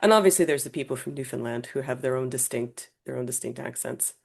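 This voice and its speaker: A woman with a low, full voice hosts a relaxed interview. She talks with animated emphasis, leaning into her stories. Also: fast talker, creaky, slightly rough. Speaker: podcast host. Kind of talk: conversational interview.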